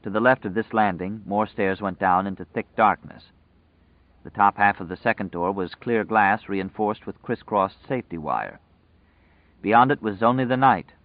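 Male audiobook narrator, measured and dramatic, low voice, tinny phone-like sound. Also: no room sound.

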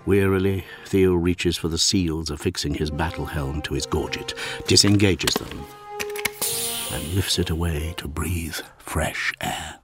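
A man narrating a dark science-fiction story in a scripted, hushed and dramatic delivery that at times drops near a whisper. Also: sits low, a little slow. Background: music.

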